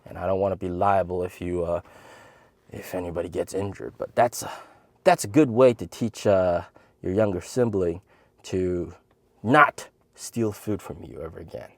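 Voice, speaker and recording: A man in his thirties casually telling a funny story to camera as host of his channel, animated and jumping into high voices when he quotes people. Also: moderate pace, gravelly, no room sound. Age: 30s.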